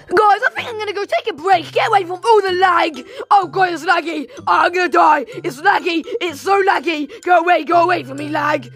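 A woman host giving goofy, shouty Let's Play commentary while playing a game. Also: extremely high pitch, lively intonation, normal speed, hardly any pauses, soft background music. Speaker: gaming channel host.

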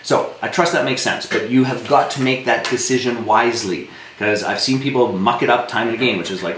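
A man's voice: mid-range voice, fast, fairly bright tone, slight background noise. Blunt man coaching on a live stream. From Saskatchewan, Canada. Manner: blunt, emphatic, swears when worked up. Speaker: business coach. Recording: roomy echo with faint ambience.

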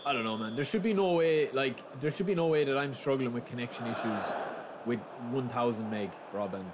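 A young man hosting a gaming channel, talking casually through a live match and breaking into loud, excited shouts. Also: medium pitch, fairly quick. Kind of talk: live gameplay commentary. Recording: steady background noise.

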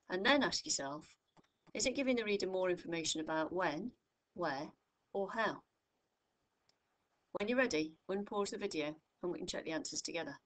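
A woman tutor giving a recorded grammar lesson, speaking clearly and patiently, from the United Kingdom, stressing each example phrase. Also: lowish voice. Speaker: English tutor.

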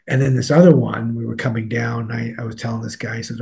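A man's voice: mid-range voice, little pitch movement, fast talker, creaky, few pauses, a little mellow, breathy edge. A man in an interview, speaking as a newsletter editor in a rambling way, with many fillers and restarts. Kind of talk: casual interview talk.

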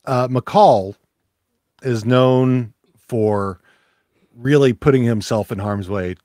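A man moderating a casual podcast debate, halting with many fillers. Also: mid-range voice, warm tone, no echo, studio quality.

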